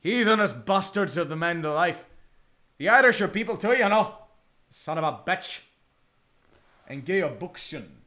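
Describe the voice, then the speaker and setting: Streaming a football watch-along, a man chats casually and with plenty of profanity, breaking into bursts of mock play-by-play. His voice sits high, with lively intonation and a sharp tone, and he's a bit slow with frequent pauses.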